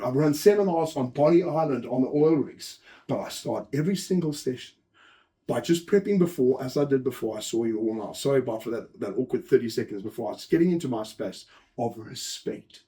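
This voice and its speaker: A man giving a lively conference talk, telling anecdotes, acting out quoted lines and chatting with the audience. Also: medium pitch. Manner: animated storyteller, acts out quotes, chats with audience. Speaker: host and speaker.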